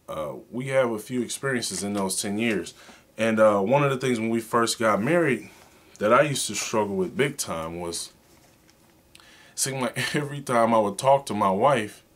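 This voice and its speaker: A man in his twenties giving an informal teaching talk, telling a story with many halting repeats and loud acted-out outbursts. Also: lowish voice. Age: 20s. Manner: storytelling, acts out his own past outbursts loudly; halting, repeats words often.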